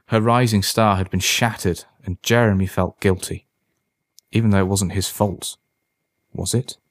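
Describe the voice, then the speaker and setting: A man narrating a dark story in a measured, dramatic way. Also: lowish voice, dry recording.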